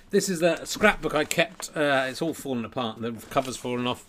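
A man's voice: a little high, brisk, few pauses, fairly bright tone. A middle-aged man hosting a podcast from home, rambling and self-deprecating, a little tipsy and flustered. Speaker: podcast host. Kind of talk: casual chat. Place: home during lockdown.

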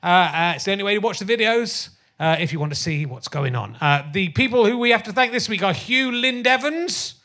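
Man, middle-aged, comedy podcast host, high-pitched, rambling, sardonic, crude, live theatre stage. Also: animated, fairly quick, hardly any pauses, pushed and bright. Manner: rambling, sardonic, crude asides, many fillers. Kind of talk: live stand-up style podcast chat.

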